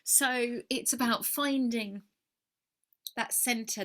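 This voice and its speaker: A woman's voice: a little high, fairly even intonation, slow, long pauses, fairly bright tone. A woman musing in a reflective personal video, heartfelt and earnest, sometimes dropping to a near whisper. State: emotional. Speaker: spiritual mentor.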